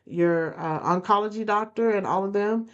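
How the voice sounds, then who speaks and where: A woman's voice: medium pitch, moderate pace. A woman hosting a podcast, talking earnestly to listeners and repeating phrases for emphasis. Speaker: podcast host. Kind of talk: motivational podcast talk. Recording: dull lo-fi recording.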